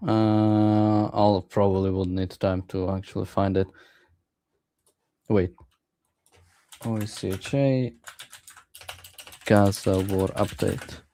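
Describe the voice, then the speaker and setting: Excitable co-host man, mellow voice. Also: lowish voice, slow pace, long pauses, a little hiss or hum. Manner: excitable, indignant, lots of "like". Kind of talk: casual political chat.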